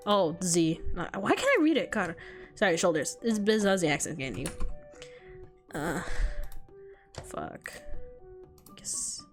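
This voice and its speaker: A young woman streamer reading a visual novel aloud with quick, profane, self-deprecating banter. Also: fairly low pitch, huge pitch swings, faint music behind.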